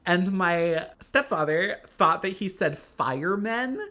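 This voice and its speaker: A man's voice: high-pitched, lively intonation, takes it slowly, pushed and bright. A man co-hosting a podcast in casual chat, telling rambling, self-deprecating stories and laughing often between phrases. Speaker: podcast co-host.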